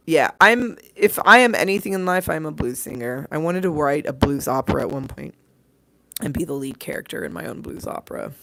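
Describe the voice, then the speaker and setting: A hoarse woman hosting a livestream, talking casually and playfully, swearing freely and sending her viewers love as she signs off. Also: deep voice, a bit bright, no room sound, rough recording. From southern California. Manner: chatty, swearing, playful and affectionate. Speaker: livestream host. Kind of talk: casual livestream sign-off chat. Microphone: desk microphone.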